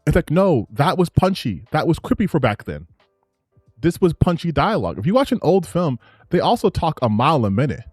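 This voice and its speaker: Guy ranting about games, super animated, keeps restarting, dry sound. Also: on the high side, fairly quick, breathy edge, no echo, soft background music. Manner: excited, rambling, frequent restarts. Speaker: gaming and politics commentator. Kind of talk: reacting to clips, casual commentary.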